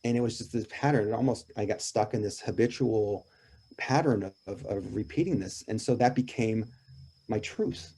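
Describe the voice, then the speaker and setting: A man's voice: on the low side, normal speed, warm tone, slight background noise. A man speaking as a podcast guest and grief coach, telling a personal story in an earnest, reflective and emphatic way.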